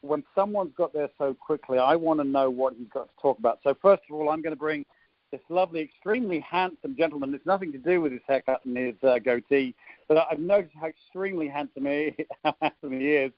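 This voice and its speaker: A man's voice: on the high side, brisk, dry recording. Chatty English man on a dull phone line. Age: 50s. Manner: chatty and teasing, many ums and uhs. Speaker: interviewer on a team conference call. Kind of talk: casual chat, jokey introduction. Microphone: phone line on a conference call.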